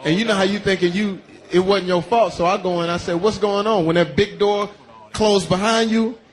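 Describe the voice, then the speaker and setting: A man's voice: sits high, moderate pace. A man hosting a radio show, telling a profane comic story and acting out the people in it. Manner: animated, profane, acts out the people in his story.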